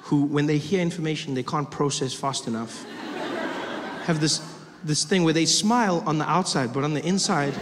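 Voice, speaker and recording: A man performs stand-up in a high, lively voice, slipping into other people's voices as he tells a story. His voice rings with long reverb from a large hall. Loud ambience sits under the whole performance. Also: moderate pace, crowd noise, noisy background. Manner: animated, acts out both sides of the story in voices. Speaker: stand-up comedian.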